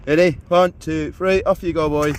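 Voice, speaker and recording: A man's voice: fairly high pitch, moderate pace, distant mic, slight background noise. A man vlogging while fishing outdoors at night, joking, laughing often and talking to the camera. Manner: jokey, laughing often, excitable. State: cold. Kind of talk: casual outdoor chat to camera.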